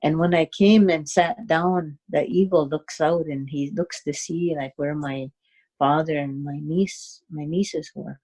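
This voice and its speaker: A woman telling a personal story in a halting, unhurried way, with many fillers and restarts. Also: deep voice, fairly even intonation, dark tone. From Cayuga Nation, Six Nations of the Grand River, Canada.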